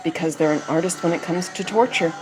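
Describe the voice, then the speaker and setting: Remorseless prisoner, male, soft and indifferent, read by a woman, low voice. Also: a little fast, soft background music, natural voice, low-quality recording. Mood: cold, indifferent.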